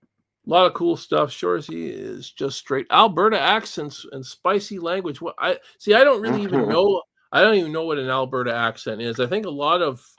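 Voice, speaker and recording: A man's voice: a little high, animated, brisk, vocal fry, a bit bright, dry recording. A Canadian man hosting a casual livestream chat, rambling with frequent chuckles and restarts. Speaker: podcast host.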